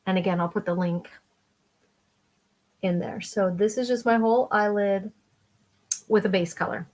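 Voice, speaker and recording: Middle-aged woman, chatty makeup vlogger, upbeat, mid-pitched voice. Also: steady tone, moderate pace, darkish tone. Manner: chatty, enthusiastic, talks while applying makeup. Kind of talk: casual makeup tutorial.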